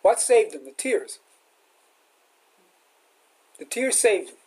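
Speaking slowly in a high, breathy voice, a man who is a rabbi and teacher gives a sermon built around a retold film scene. He performs the quotes with animation, though the audio is poor.

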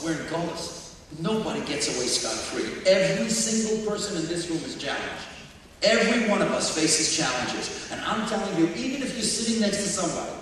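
Man preaching in an echoey hall. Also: a little high. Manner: animated, drops to near whisper at emotional points. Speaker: speaker at a religious talk. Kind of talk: storytelling sermon. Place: large hall with audience. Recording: echoey hall from far off, faint noise.

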